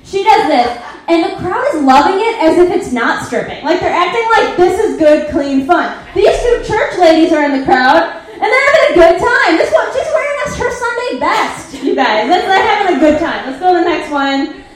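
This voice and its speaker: High-pitched woman doing a snarky stand-up slideshow bit, very echoey live room. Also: expressive, moderate pace. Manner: sarcastic, profane, laughing asides. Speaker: comedian presenting slides. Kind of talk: live stand-up movie recap. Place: live comedy venue.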